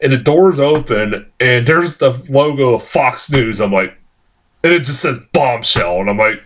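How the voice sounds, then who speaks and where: A man talks through his movie opinions in a loose, rambling way. He swears often, fills pauses with "uh" and "um," and stops to correct himself. He sounds a bit tired, like he's recording late at night. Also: mid-range voice, expressive, a bit bright, a little hiss or hum. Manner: rambling, profane, frequent fillers and self-corrections. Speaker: film reviewer. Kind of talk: casual spoken review.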